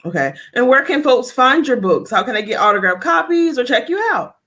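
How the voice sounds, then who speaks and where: A woman's voice: a little high, big pitch swings, a little fast, fairly bright tone. A woman hosting an interview, upbeat and encouraging toward her guest. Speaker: show host. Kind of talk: interview chat.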